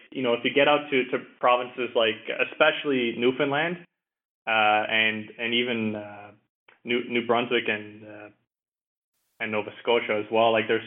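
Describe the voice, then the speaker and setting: A man from Ottawa, Canada, a podcast guest who talks easily, with many fillers and repeated words. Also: medium pitch. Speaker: podcast guest, energy professional. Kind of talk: casual interview conversation. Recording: tinny phone-like line.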